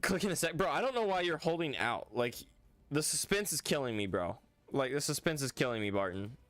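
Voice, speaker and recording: A man's voice: medium pitch, very animated, brisk, fairly bright tone, dry recording, soft background music. A man streaming a game, chatting casually and rambling to viewers with lots of "like" and "bro". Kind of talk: casual livestream chat.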